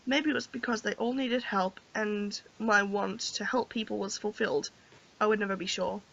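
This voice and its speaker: A woman's voice: mid-range voice, steady tone, moderate pace, creaky, a bit bright, slight background noise. A woman reading a visual novel's narration aloud and chatting about it, giggly and chatty between the lines. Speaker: gamer, host. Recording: dull lo-fi audio.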